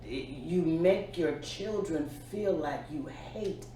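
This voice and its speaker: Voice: medium pitch, slow pace, dark tone. A co-host asking questions and reflecting in a casual podcast chat. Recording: echoey room, far from the mic, faint noise.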